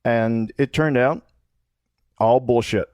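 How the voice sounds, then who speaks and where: A man's voice: medium pitch, takes it slowly, darkish tone, no echo, clean studio sound. A man hosting a podcast, talking in a casual, blunt, conversational way. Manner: conversational, blunt, laughs easily. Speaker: podcast host. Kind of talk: casual interview chat.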